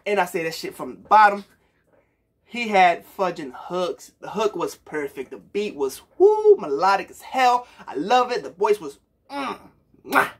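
A man's voice: sits high, very animated, measured pace. A young man from Puerto Rico giving a hyped, slangy reaction to a song for his viewers, calling them bro. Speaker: music reaction youtuber. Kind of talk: casual music reaction talk.

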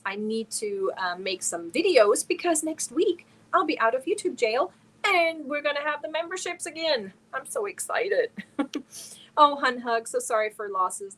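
A middle-aged woman chats casually on her live stream. Her voice sits a little high, and she greets viewers and answers their messages one by one. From Germany. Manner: reads chat messages aloud and answers viewers warmly one by one.

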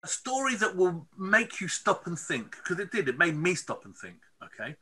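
A middle-aged man with a notably bright, ringing voice, spinning an animated tale for an interviewer. He sits a little above the usual male pitch and keeps tagging his sentences with quick "okay?" and "right?" check-ins. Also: slightly rough. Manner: expressive, lots of "okay?" and "right?" asides. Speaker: interview guest, filmmaker. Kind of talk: animated storytelling.

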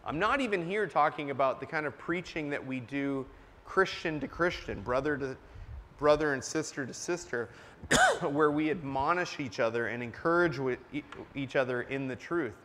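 A man's voice: a little high, normal speed, fairly bright tone. A man preaching a sermon in a church, earnest and emphatic, stopping to cough now and then. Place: church sanctuary. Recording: long church reverb.

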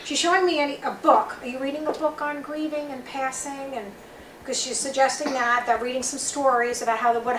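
Bright-voiced Long Island woman, roomy. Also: on the high side. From Long Island, New York. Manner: chatty, rambling, relays messages in quotes. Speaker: psychic reader. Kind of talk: live psychic reading for an audience. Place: bookstore event room, small group. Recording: roomy, from far off, faint noise.

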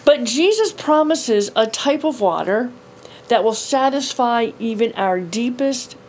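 A woman's voice: fairly high pitch, expressive, measured pace, a little hiss or hum, low-quality recording. Earnest woman giving a devotional teaching. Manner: earnest, emphatic, repeats key phrases. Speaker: Christian teacher.

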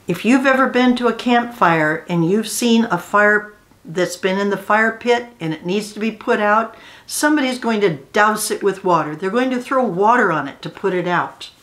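Woman reading a storybook to kids. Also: medium pitch. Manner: gentle, explains words and asks children questions. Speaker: children's storyteller. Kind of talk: reading a picture book aloud to children.

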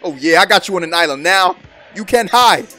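A young man giving excited, trash-talking commentary over his own basketball video game play. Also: high-pitched, a little fast. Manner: hyped, exclaiming, trash-talking. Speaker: gaming YouTuber. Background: background music.

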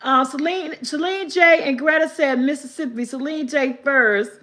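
A woman hosting a casual live stream, reading riddles from her chat aloud, repeating them slowly and laughing often. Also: high voice, pushed and bright.

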